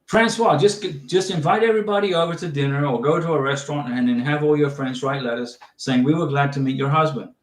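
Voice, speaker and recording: A man's voice: fairly high pitch, fairly quick, hardly any pauses. A middle-aged man hosting a livestream, casually giving visa advice and reading out viewer questions in a chatty, reassuring way. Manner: chatty, repeats and restarts, reassuring. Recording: echoey room.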